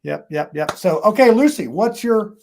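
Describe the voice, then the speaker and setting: An older man hosts a casual online talk show with a slightly high voice. He rambles and chuckles as he talks. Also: lively intonation, moderate pace, gravelly, a little mellow, slight background noise. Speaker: talk show host and voice actor.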